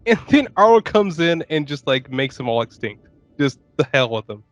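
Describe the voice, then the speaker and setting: A man's voice: fairly high pitch, very animated, normal speed, soft background music. A man co-hosting a podcast, joking and swearing as he picks apart a movie. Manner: laughing, jokey, swears a lot. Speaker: podcast co-host. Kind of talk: casual chat about a movie.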